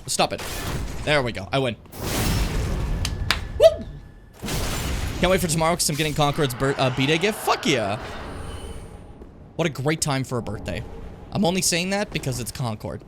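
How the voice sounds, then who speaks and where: A man's voice: fairly high pitch, very animated, moderate pace, pauses often, very noisy. A young man from Edmonton, Canada, rambling and joking as he plays a video game, swearing often. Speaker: streamer. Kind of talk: casual gameplay commentary.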